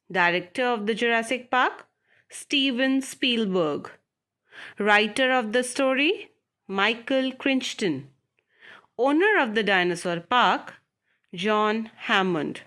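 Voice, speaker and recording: A woman's voice: on the high side, a bit bright. A woman, teaching schoolchildren as she works through textbook exercises and repeats words for them. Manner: deliberate, repeats words and addresses the children directly. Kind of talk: slow classroom lesson explaining textbook exercises.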